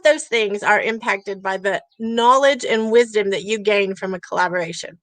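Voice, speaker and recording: Bright-voiced, emphatic middle-aged woman. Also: medium pitch, normal speed, few pauses, no room sound, rough recording. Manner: emphatic, earnest, repeats for emphasis. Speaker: summit speaker. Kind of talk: passionate personal storytelling talk. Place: outdoor porch at a campground.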